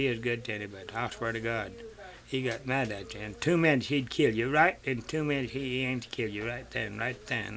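Using rural dialect, an older male interviewee spins rambling folk tales about his family, cursing freely and saying "he said" again and again. His voice is mid-range, pushed and bright.

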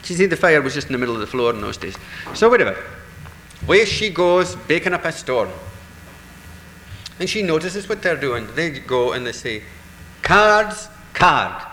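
A man telling a traditional folk tale in a lively, animated way, acting out the voices in the dialogue. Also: mid-range voice, fairly quick, reverberant, in a large hall, a little hiss or hum, poor audio. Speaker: storyteller.

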